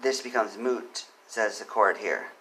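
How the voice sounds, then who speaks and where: A man giving spoken commentary on a legal case, earnest, reading quotes quickly and pressing his points with emphasis. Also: fairly low pitch, fairly even intonation, fairly bright tone, low-quality recording. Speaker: commentator on court cases.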